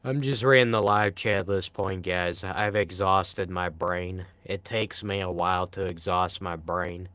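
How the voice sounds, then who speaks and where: A man's voice: deep voice, fairly even intonation, unhurried, few pauses, sharp tone, clear, resonant tone. A young man from Pennsylvania with a Pennsylvania accent, rambling casually on a live stream and reading the chat aloud. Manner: rambling, self-deprecating, reads chat aloud.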